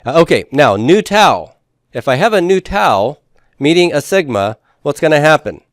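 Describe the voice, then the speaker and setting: This Greek teacher has a fairly high, sing-song voice and keeps a moderate pace, heard in studio quality with no room sound. Lecturing his class, he breaks things down step by step, often checking in with "okay?" and "right?", and slips in the occasional pun or joke.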